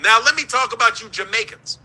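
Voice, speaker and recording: A man's voice: extremely high pitch, a little fast, sharp tone, low-quality recording. A man from the United States hosting a show, ranting in heated, profane commentary and laughing between his points.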